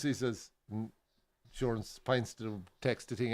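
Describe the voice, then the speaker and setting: A man's voice: fairly low pitch, steady tone, a little fast. A man with an Irish accent co-hosting a live football watch-along from a bar, in casual chat full of swearing and acted-out joke voices. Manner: swears freely, tells jokes with voiced characters. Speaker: co-host. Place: bar during a live match.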